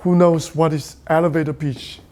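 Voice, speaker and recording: A man's voice: on the high side, fairly even intonation, normal speed, darkish tone, slight background noise. A middle-aged man with a Taiwanese Mandarin accent, a native Mandarin speaker teaching a university class in English, who keeps repeating "please" and "okay?". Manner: repetitive, pleading "please" and "okay?", switching between English and Mandarin. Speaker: physics lecturer. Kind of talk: classroom instruction.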